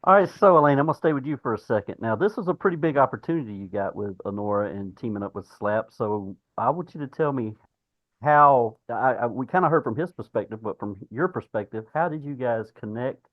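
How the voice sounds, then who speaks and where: A man hosting a podcast, asking his guest questions in a relaxed, joking way. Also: mid-range voice, fairly quick, no room sound, dull audio. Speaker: podcast host. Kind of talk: casual podcast interview.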